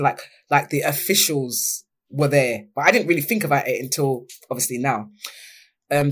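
A young woman talks candidly as an interview guest. Her telling is lively and animated, and her voice jumps when she acts out what other people said. It sounds like easy, open conversation. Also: lowish voice, husky. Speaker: podcast guest.

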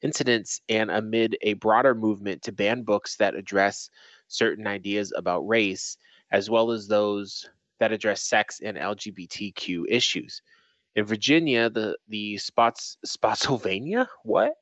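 A man's voice: fairly low pitch, a little slow, fairly bright tone, no echo, lo-fi sound. A young man co-hosting a casual podcast, reading a news article aloud and breaking off into swearing asides. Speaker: podcast co-host.

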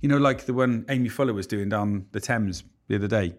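A man co-hosting a podcast, making jokes and quick asides in casual chat. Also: on the low side. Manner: joking, quick to react with asides. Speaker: podcast co-host.

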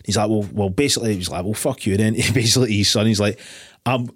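A man's voice: fairly low pitch, fast, slightly rough, dry recording, studio quality. Sweary man in his forties. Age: 40s. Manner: sweary, laughs often, retells film scenes. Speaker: podcast co-host. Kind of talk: casual chat.

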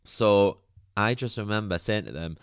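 Guy telling a story on his podcast, lowish smooth voice, dry close sound, lots of "like". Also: normal speed, dry recording. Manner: chatty and candid, peppered with "like" and mild swearing. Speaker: podcast host. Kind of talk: personal storytelling monologue.

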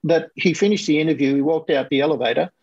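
A man tells a story in an animated, conversational way, slipping into livelier voices when he quotes other people. His voice is gravelly and a bit husky, sits a touch higher than most men's, and sounds dull and lo-fi. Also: fast, dry recording. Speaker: guest coach.

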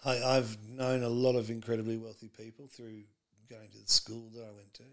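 A middle-aged man rambles through stories, stopping often to restart his sentences. His voice has a gravelly, creaky edge. He sits at a middle pitch and speaks as a podcast guest. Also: completely flat delivery, brisk. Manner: rambling, many fillers and restarts. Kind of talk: casual interview chat.

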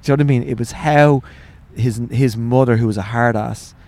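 Man, Irish accent, forties, swearing and laughing, casual storytelling, mid-pitched voice. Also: steady tone, a little fast, a little mellow. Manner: swearing, laughing anecdotes with acted quotes. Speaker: guest, author.

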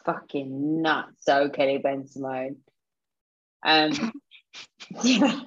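A woman co-hosting a podcast in casual chat. She is blunt and animated and says "like" a lot. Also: sits low, drawn-out words, dull audio. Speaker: podcast co-host.

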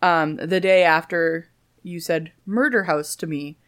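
A woman's voice: fairly low pitch, unhurried. A woman, co-hosting a podcast in casual chat and telling stories playfully. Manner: playful, animated storytelling. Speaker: podcast co-host.

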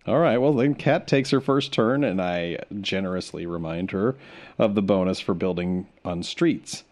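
A man's voice: deep voice, moderate pace. A young man hosting a board game podcast, chatting casually and teasing the other players as he explains the rules. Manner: animated, laughing, teasing. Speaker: podcast host.

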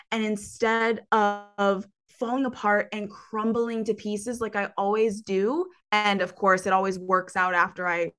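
A woman coach talking casually in an interview, animated and laughing often. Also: mid-range voice, measured pace, few pauses, clean tone. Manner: animated, laughs often, acts out her own past voice.

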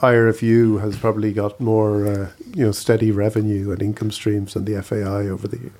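A man's voice: lowish voice, level tone, a little fast, mellow. A man hosting, steadily leading the guest with questions and prompts. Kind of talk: interview questions.

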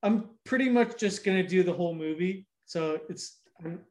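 A man with a fairly high voice tells a movie's plot in loose, rambling chat, full of swearing. He keeps losing his place and jumping back to earlier scenes. The room around him sounds roomy and echoey. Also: normal speed, darkish tone. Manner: rambling, profane, jumps back and forth. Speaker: podcast co-host recapping a movie. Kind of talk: casual chat.

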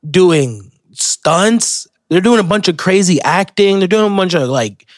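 A young man hosts his podcast alone, drifting through stories with swearing and restarts. He speaks slowly and a little high. His voice sits close and dry on the mic. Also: expressive, dry recording. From Florida. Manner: rambling, profane, self-interrupting storyteller. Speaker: podcast host. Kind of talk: casual solo podcast monologue.

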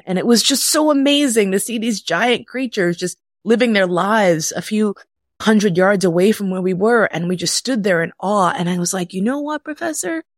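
A middle-aged woman casually telling a personal story, animated and profane, jumping into high voices when quoting. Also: dry recording, studio quality.

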